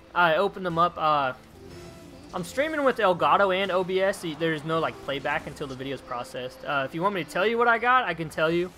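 A young man live streaming a game, chatting excitedly with viewers, reading their messages and calling them dude. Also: on the high side. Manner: excitable, chatty, reads chat aloud, calls viewers dude. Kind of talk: live gameplay streaming commentary.

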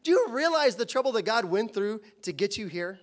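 A man's voice: high voice, big pitch swings, a little fast. A man preaching a sermon as pastor, impassioned and full of rhetorical questions.

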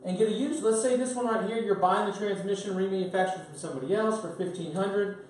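A man's voice: sits high, quick pace. Emphatic male coach in an echoey room. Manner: emphatic, blunt and energetic. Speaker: business coach. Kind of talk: training seminar. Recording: echoey room from far off, faint noise.

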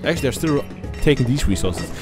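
Over music, a mid-range male voice with lively intonation speaks quickly. His first language is German, and as a gaming commentator he delivers a casual let's-play full of profanity, self-mockery and rambling.

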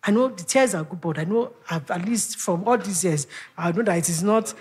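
A woman with a husky, slightly low voice speaks at a church teaching session, telling a personal story of prayer. Her delivery is halting and reflective, full of restarts and soft fillers, and she sometimes sinks into a hushed, intimate tone. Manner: drops to a soft, hushed tone when describing prayer.

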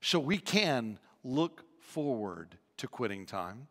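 In an echoey church hall, a male pastor delivers a sermon full of animated storytelling, humor and frequent repetitions. His voice is medium in pitch and his delivery is slow.

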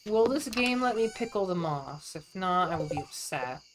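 A low-pitched woman talks her way through a farming game on stream, casual and a little foul-mouthed. She sounds down and out of sorts, and a steady hiss of noise runs under her voice. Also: normal speed. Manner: chatty, swears casually, talks to chat. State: low, upset mood. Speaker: vtuber streamer. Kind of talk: casual gameplay chat.

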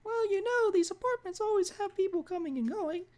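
A man voicing a chirpy, forgetful old landlady in a squeaky falsetto, reading game dialogue aloud in a sing-song way. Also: fairly quick, darkish tone.

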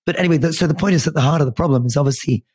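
A man in his fifties co-hosting a political podcast, measured and wry, his voice worn and strained. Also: fairly high pitch, a little mellow, breathy edge, dry recording. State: losing his voice. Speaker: podcast co-host.

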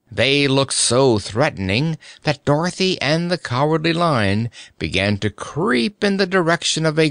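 A man narrating a children's fantasy story at an unhurried pace, his voice rising and falling widely. The recording is close and dry, with no room sound. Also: mid-range voice, no room sound. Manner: expressive, deliberate reading. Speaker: audiobook narrator.

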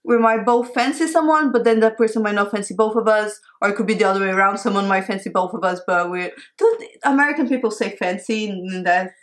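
A woman's voice: mid-range voice, fast talker, few pauses. A woman in her late twenties talking openly but hesitantly with her partner, searching for words and giggling shyly. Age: 20s. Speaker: co-host. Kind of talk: casual couple chat.

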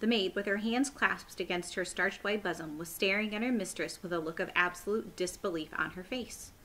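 A woman teacher reading a chapter book aloud to children in a friendly, clear way. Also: mid-range voice, a little fast, a bit bright, a little hiss or hum, rough recording. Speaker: elementary school teacher.

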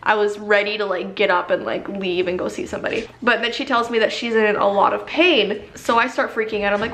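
A woman's voice: medium pitch, steady tone, brisk, hardly any pauses, a bit bright, echoey room, a little hiss or hum. A young woman from Canada hosting a casual story-time vlog, chatty and full of "like" fillers. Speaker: vlogger.

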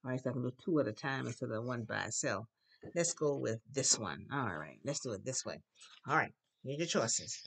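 Classroom teacher, patient drill voice, models words loudly for repetition. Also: medium pitch, lively intonation, a little fast, gravelly, husky. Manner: patient, coaxing prompts. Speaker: Spanish teacher.

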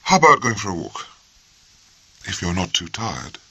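A man voicing a gentle young naval officer, soft and tentative in his speech. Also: sits low, very animated, moderate pace, slightly rough, voice pushed up, full character voice. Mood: tender.

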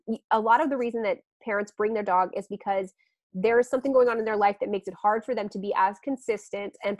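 A woman dog trainer talks through her program on a podcast in an animated, chatty way. Her voice sits mid-range for a woman. The recording is close and dry, with no room sound. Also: medium pitch, no room sound. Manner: animated, laughs often, acts out quotes. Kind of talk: podcast interview.

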